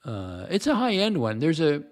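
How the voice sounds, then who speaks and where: A man's voice: on the high side, wildly swooping pitch, normal speed. An older man hosting a livestream, telling rambling stories in casual chat and reading out viewer comments. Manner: chatty storyteller, repeats himself, reads chat comments. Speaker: livestream host.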